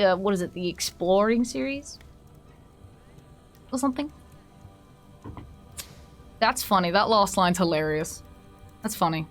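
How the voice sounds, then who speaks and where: A woman with an Australian accent chatting casually on stream, then reading a story aloud with small stumbles. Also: mid-range voice. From Western Australia. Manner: chatty, hesitant, stumbles over words when reading.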